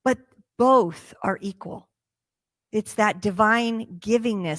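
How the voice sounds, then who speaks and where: A woman minister preaching a sermon, telling a parable in a lively way and acting out its characters' lines. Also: medium pitch, takes it slowly, no echo. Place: church sanctuary.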